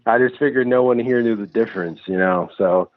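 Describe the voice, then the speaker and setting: A man from New England, a filmmaker and actor, rambles through his stories with loose, cheerful profanity. His voice sits at an ordinary middle pitch. The recording sounds thin and phone-like, with no room echo at all. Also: brisk. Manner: loose, profane, animated storytelling. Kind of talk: casual interview chat. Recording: dry, tinny phone-like sound.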